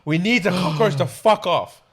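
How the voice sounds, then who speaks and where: A man, hosting a podcast and telling an animated story, laughing often and acting out what others said. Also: high voice, normal speed, breathy edge. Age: 20s. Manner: excitable, laughing often, acts out quotes. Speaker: podcast host.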